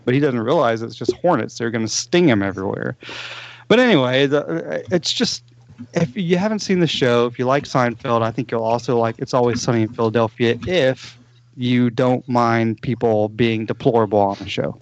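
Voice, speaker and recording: A man's voice: mid-range voice, moderate pace, muffled recording. A man on a casual podcast, rambling through plot retellings with lots of fillers and restarts. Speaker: podcast co-host. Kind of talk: casual movie podcast chat.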